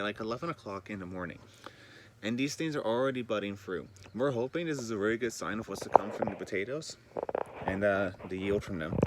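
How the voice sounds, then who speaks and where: A man's voice: on the low side, a little hiss or hum. A man touring his greenhouse for a vlog, talking loosely and rambling with some swearing, a bit groggy. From northern British Columbia, Canada. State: a bit groggy, just woken. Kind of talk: casual chat. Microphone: handheld camera.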